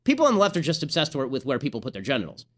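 Young man, podcast host, sarcastic, mocking political monologue, quick delivery. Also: mid-range voice, wildly swooping pitch, fairly bright tone. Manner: sarcastic, rapid-fire, mocking.

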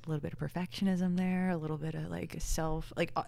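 A woman guest talking casually about her work as a photographer, animated and often laughing, her voice jumping up when she quotes herself. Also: low-pitched, fast, gravelly, no echo. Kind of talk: casual podcast conversation.

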